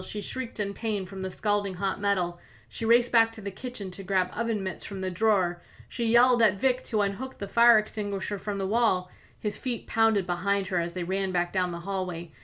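A woman hosting a podcast, reading a mystery story aloud in steady, evenly paced scripted narration. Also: mid-range voice. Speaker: podcast host and author-narrator.

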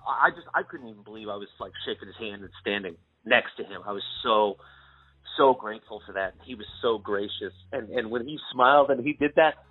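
Husky man telling a story down a phone line. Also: fairly low pitch, brisk, no echo. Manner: animated anecdote telling with quoted voices. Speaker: guest musician. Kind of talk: casual storytelling interview.

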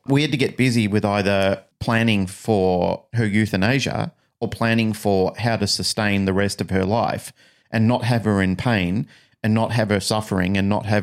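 A man co-hosting a casual podcast, telling stories in an animated, emphatic way. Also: lowish voice, normal speed. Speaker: podcast co-host.

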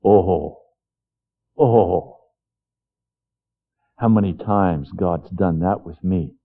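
A man preaching a sermon as pastor, earnest, swinging between hushed, quiet passages and fervent, raised ones. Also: deep voice, unhurried. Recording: tinny phone-like sound.

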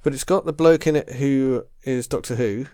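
An English man co-hosting a podcast, chatting casually about films at a middle pitch. He rambles, hunts for words and restarts his sentences. His voice is recorded close and dry. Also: moderate pace, mellow, clean tone, no room sound. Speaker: podcast co-host. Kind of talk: casual chat.

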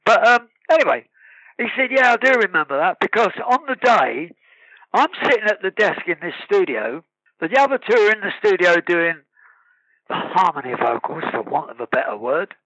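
A man tells his stories in a casual, lively manner. His voice sits high and sounds bright. The recording is dry and a little dull. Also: moderate pace, breathy edge, no echo. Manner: lively storyteller, breaks into sung snatches and laughs. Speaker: guest musician. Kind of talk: casual anecdote telling.

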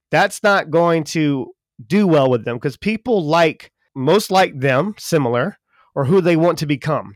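A man from Charleston, co-hosting a podcast in casual chat; he talks fast and folksy, with jokes. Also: fairly high pitch, no room sound, clean studio sound. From Charleston, South Carolina, US. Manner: talks fast when excited, folksy and joking. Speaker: podcast co-host.

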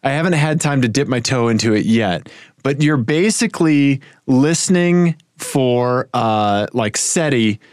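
A man co-hosting a podcast, relaxed and chatty, sharing listener news with lots of fillers. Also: medium pitch, unhurried, no echo, studio quality. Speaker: podcast co-host. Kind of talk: casual chat.

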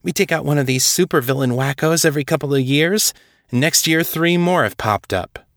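A man's voice: a little high, a little fast, fairly bright tone, no room sound, studio quality, voice pushed up. A man reading aloud as a weary, outspoken woman officer, speaking bluntly and pressing her point.

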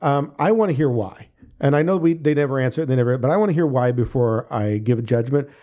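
A man's voice: mid-range voice, fast, dark tone. A middle-aged man co-hosting a casual movie review podcast, rambling and circling back with frequent restarts. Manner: rambling, restarts often, hedging. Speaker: podcast co-host.

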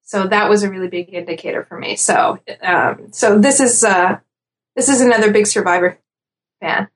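A woman's voice: medium pitch, normal speed. A woman in casual podcast chat, talking through predictions with lots of fillers and easy laughs. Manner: chatty, laughs easily, many fillers. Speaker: podcast guest analyst.

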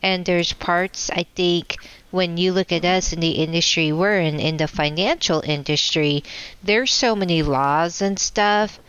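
A woman's voice: on the low side, a little slow, a bit bright, clear, resonant tone, no echo, muffled recording. A woman co-hosting a casual podcast, hesitant and searching for her words.

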